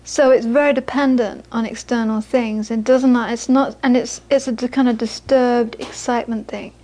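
Brief: woman, Buddhist teacher with a high voice, animated storyteller who turns gentle and earnest in teaching. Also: moderate pace. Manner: lively storytelling, acts out the people she quotes. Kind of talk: dharma talk to a small audience.

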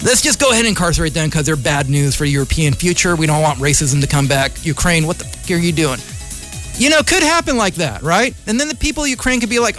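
High-voiced man ranting on radio. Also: lively intonation, quick pace, a bit bright, soft background music. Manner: impassioned, rambling, argumentative. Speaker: radio show host. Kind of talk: opinionated radio commentary monologue. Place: community radio studio.

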